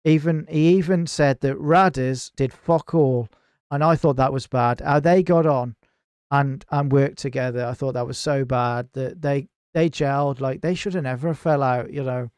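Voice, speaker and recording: A man's voice: medium pitch, moderate pace, smooth, dry recording. A man, a podcast guest telling a heated story in casual chat, swearing a lot and acting out what others said. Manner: animated, heavy swearing, acts out others' lines. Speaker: podcast guest, gaming clan founder.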